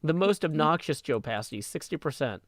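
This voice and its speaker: A man hosting a casual livestream, talking in a halting way full of ums and likes and cheerfully reading out viewer tips. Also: fairly high pitch, animated, no room sound, studio quality. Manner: reads viewer tips aloud, upbeat. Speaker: livestream host.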